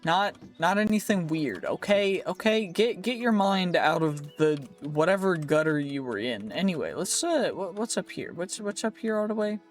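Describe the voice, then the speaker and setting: A man's voice: high-pitched, animated, normal speed, hardly any pauses, soft background music. A man giving playful, rambling let's play commentary over his gameplay, joking at his own slips. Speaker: gaming YouTuber.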